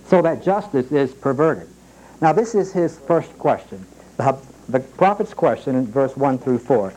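A man preaching a sermon, slowing down to read scripture aloud and rising sharply in pitch on his questions. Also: big pitch swings, dark tone, low-quality recording. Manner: emphatic, rises sharply on questions. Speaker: pastor.

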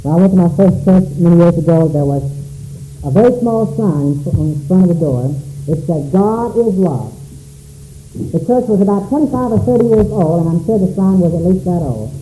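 A man's voice: high-pitched, lively intonation, normal speed, dark tone, roomy sound, faint music behind, poor audio. A man preaching a sermon in a church, calling out questions dramatically to the congregation. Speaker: pastor.

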